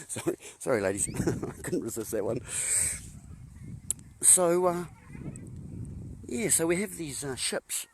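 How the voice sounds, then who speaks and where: A man's voice: mid-range voice, a little hiss or hum. A man giving a rambling monologue to viewers, punning as he goes, chuckling at his own jokes and calling his listeners folks. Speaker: host.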